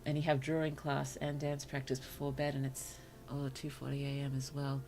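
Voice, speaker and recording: Very low, gravelly-voiced woman storyteller. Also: completely flat delivery. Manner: slow, careful storytelling with apologetic asides to chat. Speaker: virtual streamer reading viewer stories. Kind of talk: story reading on a livestream.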